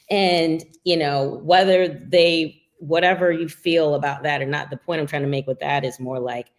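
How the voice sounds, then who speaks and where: A woman's voice: low-pitched, moderate pace. A woman who is an author and minister, speaking as a guest in a reflective interview and working through her ideas with frequent fillers. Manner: thoughtful, talks through ideas with many fillers.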